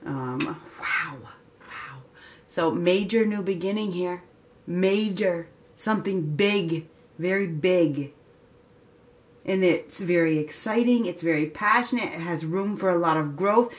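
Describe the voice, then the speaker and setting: A woman giving a casual tarot reading, chatty and excitable, laughing often and filling pauses with ums. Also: fairly low pitch. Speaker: tarot reader.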